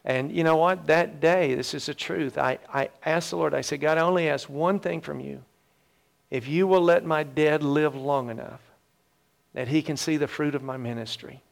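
Gravelly earnest male pastor. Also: on the high side. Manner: earnest storytelling with halting repeats. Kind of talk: sermon testimony.

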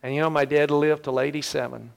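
Gravelly earnest male pastor. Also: fairly high pitch, level tone. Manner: earnest storytelling with halting repeats. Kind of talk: sermon testimony.

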